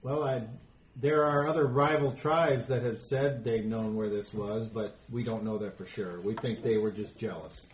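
A man voicing a gruff, proud male ogre tribesman who speaks in blunt, clipped lines, in an echoey room with background noise. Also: on the low side, fairly even intonation, moderate pace, lightly acted. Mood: guarded. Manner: blunt, challenging, clipped speech.

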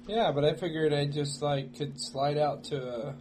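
A man's voice: a little high, normal speed, darkish tone, slight background noise. Wry joking player, man. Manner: wry, joking, laughs often. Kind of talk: casual tabletop play.

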